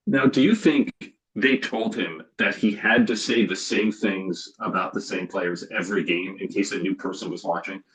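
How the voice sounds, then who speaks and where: A man from New Jersey co-hosting a sports podcast, with a deep, low voice. He speaks casually and drops dry, wry asides into the chat. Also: steady tone, moderate pace, fairly bright tone, poor audio. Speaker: podcast co-host.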